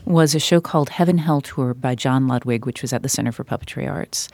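A woman's voice: very deep voice, a little fast, a little mellow, no echo. A woman guest on a podcast, an author and puppeteer, chatting casually and telling stories with many fillers and restarts. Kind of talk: casual conversation.

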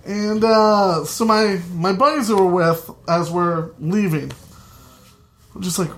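A young man tells a family story live, chatty and quick to laugh at his own lines. He takes his time, with long unhurried stretches between his points. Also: sits high, fairly bright tone.

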